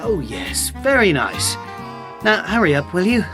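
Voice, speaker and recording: A man's voice: high voice, huge pitch swings, a little slow, full character voice. A man voicing a father in a textbook dialogue animation, blunt and impatient. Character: impatient father tired of shopping. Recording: guitar music underneath.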